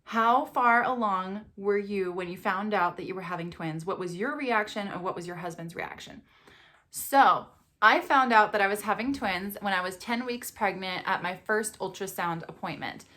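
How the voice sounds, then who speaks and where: Young adult woman, mom vlogger, casual and chatty, expressive storytelling with frequent laughs. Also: mid-range voice, moderate pace. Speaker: vlogger and mother of twins.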